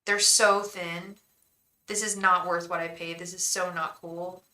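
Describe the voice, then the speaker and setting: Bright-voiced chatty woman tarot reader. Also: fairly low pitch, flat delivery, unhurried, rough recording. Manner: rambling, chatty, talks straight to viewers. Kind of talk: casual livestream chat.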